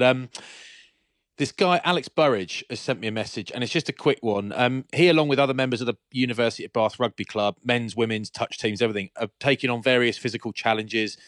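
A man co-hosting a podcast in casual chat, chatty and quick to laugh. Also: mid-range voice, no room sound, studio quality. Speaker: podcast co-host.

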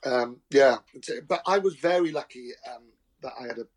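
A man, a guest actor telling lively anecdotes, laughing often and acting out voices. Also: mid-range voice, brisk, poor audio. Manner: animated storyteller, laughs often, acts out voices. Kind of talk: anecdotal chat.

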